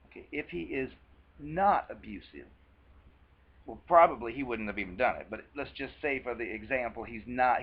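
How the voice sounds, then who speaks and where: Man with a country twang, husky and gravelly, rambling earnest advice vlog. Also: medium pitch, narrow, tinny audio. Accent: American country twang. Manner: rambling, earnest, with many restarts. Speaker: vlogger. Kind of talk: casual advice monologue.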